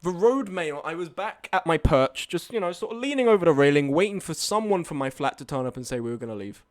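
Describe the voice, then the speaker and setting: A man's voice: fairly high pitch, expressive, fast talker. A young man telling a night-out story on a live stream, swearing and arguing back at his chat. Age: young adult.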